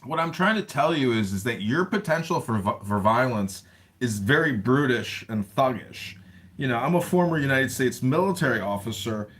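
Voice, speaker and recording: A man chatting casually in an audio chat room, telling rambling stories in a lively way. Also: mid-range voice, normal speed. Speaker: self-described comedian caller.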